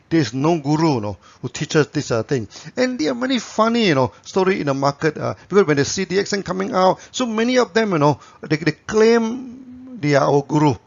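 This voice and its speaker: A man's voice: a little high, vocal fry. A man, a company founder telling anecdotes in a promotional talk to camera, tagging his sentences with "you know". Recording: dull lo-fi recording.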